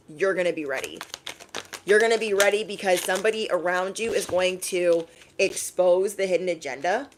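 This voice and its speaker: A woman's voice: lowish voice, noisy background. A young adult woman giving channeled intuitive messages, sassy and emphatic, repeating lines for effect. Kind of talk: casual direct-to-camera messages.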